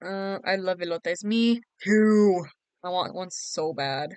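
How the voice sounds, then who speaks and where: A woman's voice: fairly low pitch, moderate pace, smooth, no room sound. Young woman, game streamer, giggly and teasing, drowsy, dry close sound. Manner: giggly, teasing, sleepy and yawning. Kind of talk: casual live-stream chat.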